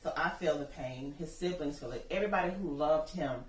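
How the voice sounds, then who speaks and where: Low-voiced woman telling her story earnestly. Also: brisk. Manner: earnest, impassioned storytelling that acts out dialogue. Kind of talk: personal testimony interview. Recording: echoey room, distant mic, faint noise.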